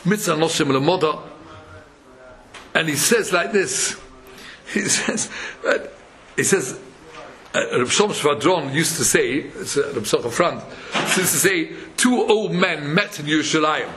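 A man's voice: fairly high pitch, measured pace. A man giving a Torah sermon, chanting verses and acting out parables with frequent chuckles. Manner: animated, chants verses, acts out quotes, chuckles often. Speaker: Torah lecturer.

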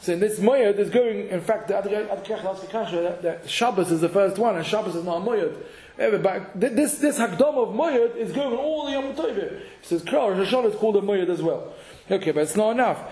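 A man giving a halachic lesson to a class, halting and repeating words as he mixes in Hebrew and Yiddish terms. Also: sits high, a little mellow. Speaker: Torah teacher. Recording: echoey room.

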